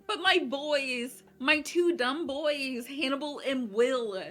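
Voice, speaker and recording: A woman hosting a reaction video, excitably talking back to the screen and gushing emotionally in casual commentary. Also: sits high, slow pace, soft background music.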